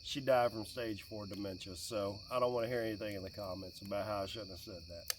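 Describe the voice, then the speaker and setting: A middle-aged man telling stories about family life in a casual, animated way, often laughing, sitting outdoors by a fire. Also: lowish voice, fast talker, slight background noise. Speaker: vlogger and dad. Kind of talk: casual fireside storytelling. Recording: distant mic outdoors, faint crickets. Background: faint crickets and outdoor ambience.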